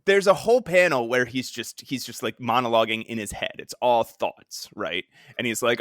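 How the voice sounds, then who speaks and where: A man's voice: mid-range voice, normal speed, few pauses, fairly bright tone, no room sound, studio quality. A man co-hosting a comics podcast in casual chat, laughing often and acting out quoted lines. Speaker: podcast co-host.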